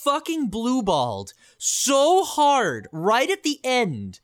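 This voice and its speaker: Speaking slowly in a very high-pitched voice, a man co-hosts a laid-back gaming podcast. His recap is animated and full of profanity, and he performs the characters' lines as he goes.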